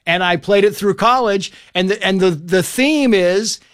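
A man's voice: sits high, a little slow, clear, resonant tone. A man, a journalist and author, telling stories in a casual interview and acting out the people in them. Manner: animated storyteller, acts out quoted voices.

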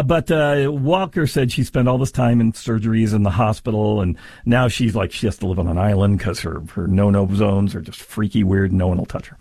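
A man's voice: mid-range voice, a little mellow, no room sound, clean studio sound. A man hosting a sarcastic commentary on a news story, mocking and exaggerated in delivery. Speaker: commentary host.

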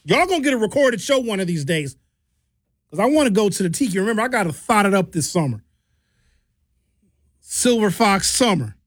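A man hosting a radio talk show and podcast, outspoken and animated, telling stories and giving blunt opinions. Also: sits high, a little fast, long pauses, no echo, studio quality.

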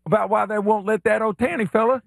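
A man doing a folksy old Southern man with a slow drawl. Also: sits high, steady tone, creaky, pitched above the performer's own voice. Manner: slow drawl, homespun phrasing.

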